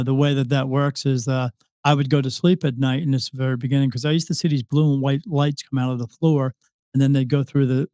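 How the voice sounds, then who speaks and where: A man's voice: medium pitch, darkish tone, no echo. Rambling man telling a story, dry sound. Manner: rambling, with many restarts and quoted dialogue. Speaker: psychic medium guest. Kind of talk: casual interview storytelling.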